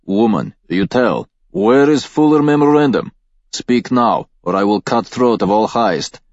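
A man's voice: on the low side, expressive, a little slow, a little mellow, dry recording, dull audio. A man voicing a threatening male cultist who speaks broken English with a thick Eastern European accent, in an audiobook. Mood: menacing.

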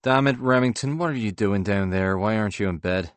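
A man's voice: fairly low pitch, fairly quick, no echo, natural voice. A man voicing a harried, blustering husband and father who talks brusquely and with mock-jovial exasperation. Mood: exasperated.

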